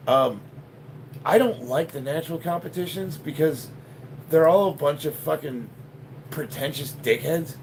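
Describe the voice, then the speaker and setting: A man's voice: on the high side, unhurried, gravelly, a little mellow, a little hiss or hum, poor audio. A man in his fifties from Chicago, chatting casually on a live stream between lifts and reading out viewer comments. He jokes, swears freely and laughs a lot. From Chicago, United States. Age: 50s. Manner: profane, joking, laughs often. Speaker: powerlifter live-streaming a workout.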